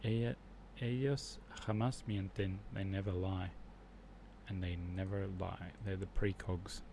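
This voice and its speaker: An Australian man chats casually on his livestream in a fairly deep voice. He muses aloud as he works through flashcards, and a faint background hiss sits under his voice. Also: level tone, unhurried, vocal fry. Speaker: livestream host learning Spanish.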